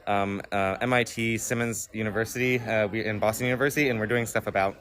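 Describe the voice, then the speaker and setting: A man, a linguistics researcher, explaining his work in an interview, relaxed with some fillers. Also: lowish voice, fast, over a noisy crowd. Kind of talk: conference interview. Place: busy conference venue.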